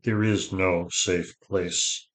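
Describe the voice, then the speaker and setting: A man reading an audiobook voices an old male mage with a gentle, solemn manner, giving slow and measured counsel. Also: fairly low pitch, lightly acted. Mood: grave.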